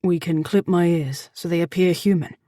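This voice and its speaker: A woman voicing a gruff but tender barbarian man, speaking in a low, roughened, earnest way. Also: steady tone, moderate pace, mellow, no room sound, studio quality, lightly acted.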